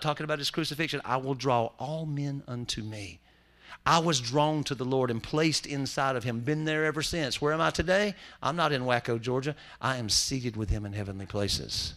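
A man preaching a sermon in a church, folksy and full of jokes. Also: on the high side. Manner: folksy, joking preacher with lively swings in loudness. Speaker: pastor.

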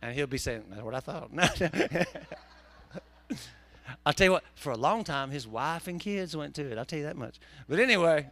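A man's voice: on the high side, lively intonation, normal speed, long pauses, fairly bright tone. A man preaching a sermon, telling folksy, joking stories. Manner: folksy, joking storyteller with southern turns of phrase. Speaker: pastor.

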